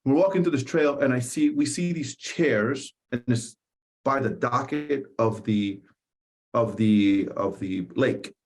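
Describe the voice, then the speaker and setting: A man's voice: mid-range voice, measured pace. Emphatic man from the Dominican Republic. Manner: emphatic, repeats phrases for stress. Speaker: podcast guest. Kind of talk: conversational interview storytelling.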